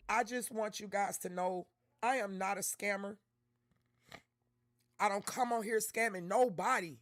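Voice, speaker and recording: Her medium-pitched voice comes through dry and studio-clean as she hosts a relaxed livestream. Reacting to content, she opens up sincerely to her chat using slangy, everyday speech.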